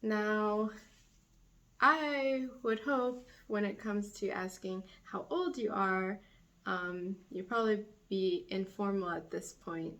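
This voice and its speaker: A woman teaching a beginner language lesson, slowly repeating each phrase for her learners. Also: medium pitch, fairly bright tone. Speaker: French teacher.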